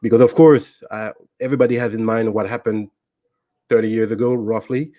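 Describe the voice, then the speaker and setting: A man as an interview guest, telling a personal story in a casual, relaxed way with frequent ums and restarts. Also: lowish voice, fairly quick, dry recording, dull audio.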